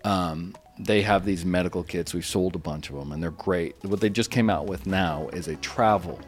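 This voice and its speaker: A man's voice: sits low, normal speed, faint music behind. A man co-hosting a podcast, chatting casually, reading a sponsor spot and mocking others in quoted voices. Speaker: podcast co-host. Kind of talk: casual chat and ad read.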